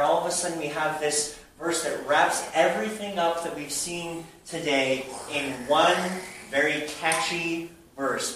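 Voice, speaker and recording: A man preaching a sermon to a church audience, shifting between a hushed voice and loud bursts. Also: a little high, a little slow, few pauses, slight background noise. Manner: animated preaching, drops to a hush then bursts loud. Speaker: pastor. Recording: very echoey hall, mic at a distance.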